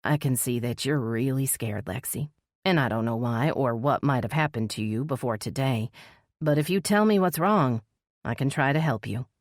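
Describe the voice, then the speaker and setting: A woman's voice: normal speed, dry recording, clean studio sound. A woman voicing a determined female police officer in an audiobook, speaking earnestly and soothingly. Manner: earnest, steady, low and soothing.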